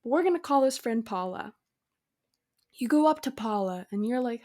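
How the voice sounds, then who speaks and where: Young woman, podcast host, casual spiritual monologue, upbeat, slightly high voice. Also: lively intonation, moderate pace, long pauses, mellow. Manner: upbeat, spiritual, talks through imagined dialogues.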